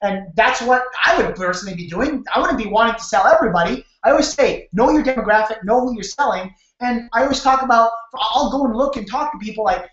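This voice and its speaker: On a live sales-training webinar, a man speaks casually from a home room, restarting often and acting out door-step scenes. His voice is extremely high, animated and fairly bright, rushing along with few pauses. The computer mic on the video call gives echoey, dull webcam audio.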